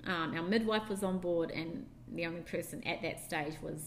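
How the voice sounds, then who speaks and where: A woman's voice: on the low side, moderate pace, a little hiss or hum. Chatty young woman telling a story. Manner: chatty, rambling with many fillers. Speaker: podcast co-host. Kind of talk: casual storytelling chat.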